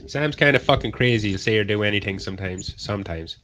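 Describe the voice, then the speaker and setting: A man's voice: lowish voice, fast, fairly bright tone, slight background noise. A man with an Irish accent chatting casually on a livestream panel, swearing freely and rambling. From Ireland. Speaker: panel guest.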